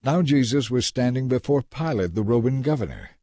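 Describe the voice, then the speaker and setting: A man narrating scripture in a measured, dramatic reading. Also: mid-range voice, animated, dark tone, no room sound, studio quality.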